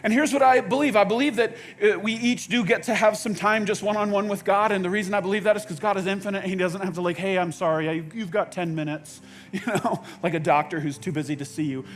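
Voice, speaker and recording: A man preaching a sermon in a conversational way, with halting restarts, dropping to quiet intensity and rising to loud outbursts. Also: high voice. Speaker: pastor. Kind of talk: sermon with acted-out quotes.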